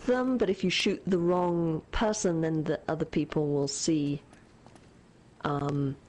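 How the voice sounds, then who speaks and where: A woman's voice: sits low, fairly even intonation, slow, a little mellow, poor audio. A woman with a British accent, co-hosting a gaming stream in casual chat, talking freely and laughing often. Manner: chatty, laughs often, teasing. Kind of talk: casual chat over gameplay.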